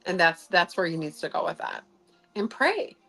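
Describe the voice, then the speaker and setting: A woman's voice: fairly low pitch, very animated, moderate pace, gravelly, sharp tone, soft background music, rough recording. A woman hosting a casual livestream as a sound healer. She talks in a chatty, rambling way with many filler sounds.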